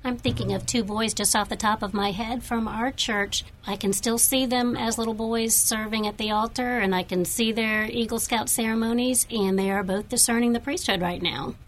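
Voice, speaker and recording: A woman's voice: on the high side, fairly even intonation, moderate pace, few pauses, poor audio. A woman co-hosting a radio talk show, speaking in a reminiscing, conversational way.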